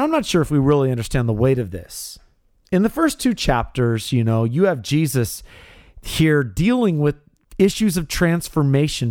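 A man preaching a radio sermon with a slightly high voice that swings widely in pitch. He speaks as a pastor, emphatic and pressing each point. The sound is dry and close, with no room around it. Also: darkish tone, dry recording. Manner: emphatic, rising to stressed peaks.

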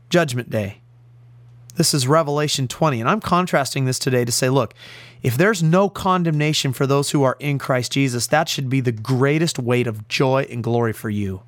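A man's voice: on the high side, dry recording, studio quality. A man preaching a radio sermon as pastor, stressing key words with emphatic force.

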